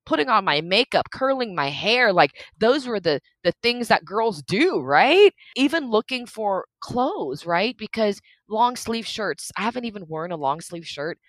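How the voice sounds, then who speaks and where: A woman's voice: medium pitch, expressive, moderate pace, hardly any pauses, a bit bright, no room sound. A woman in her thirties telling her own story as an interview guest, earnest and emotional, laughing often. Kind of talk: candid interview conversation.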